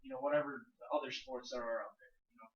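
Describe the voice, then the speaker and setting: Fast-talking young man, roomy far-off sound. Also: mid-range voice. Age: young adult. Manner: energetic, salesy, full of fillers like "you know" and "kinda". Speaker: network marketing speaker. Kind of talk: informal sales pitch and personal story. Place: house party, in a living room. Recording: roomy, distant, dull lo-fi sound.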